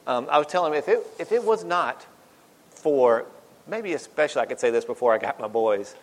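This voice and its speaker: A man giving an informal devotional talk, rambling and chatty with lots of asides and self-mocking humor. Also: medium pitch. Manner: rambling, chatty, with many "you know" asides. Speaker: speaker giving a church devotional. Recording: long hall reverb.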